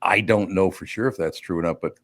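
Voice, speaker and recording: A man's voice: sits low, a little fast, fairly bright tone, dry recording. A man hosting a casual radio talk show, joking and teasing his co-hosts bluntly.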